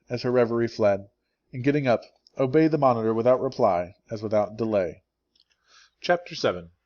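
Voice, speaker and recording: Male audiobook narrator, mid-pitched, steady and clear; slightly dull lo-fi recording. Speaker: English teacher reading a novel aloud.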